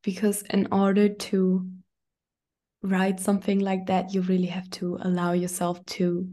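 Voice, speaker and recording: A woman hosting a casual chat, reflecting supportively in drawn-out phrases. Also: medium pitch, monotone, warm tone. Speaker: host.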